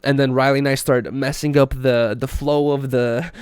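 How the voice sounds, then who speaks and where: A young man, a podcast host, telling a story in casual chat, animated, laughing often and acting out quotes. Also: medium pitch, normal speed, smooth, no echo, studio quality.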